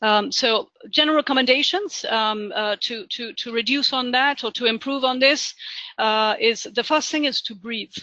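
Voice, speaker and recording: A man giving a career training webinar, talking fast with lots of ums and uhs. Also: very high voice, bright, forceful tone, no echo, lo-fi sound. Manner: talks fast with many fillers. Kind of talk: webinar presentation.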